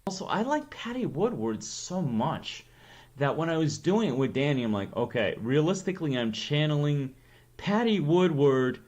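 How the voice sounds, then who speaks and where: A man with a medium-pitched, darkish voice and a New England accent hosts a stream, chatting casually with viewers. He wanders from topic to topic and pokes fun at himself.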